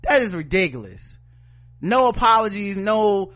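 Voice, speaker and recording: Heated, high-voiced man ranting. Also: big pitch swings, brisk, fairly bright tone. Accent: Southern US. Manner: heated, sarcastic, swears often, reads news aloud. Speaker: podcast co-host. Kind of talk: profane opinion podcast rant.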